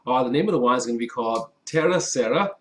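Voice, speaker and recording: This expressive, quick-paced man has a mid-range, fairly bright voice. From a table indoors with a white background, the Wisconsin native reviews wine in a casual vlog, upbeat and chatty as he speaks right to his audience.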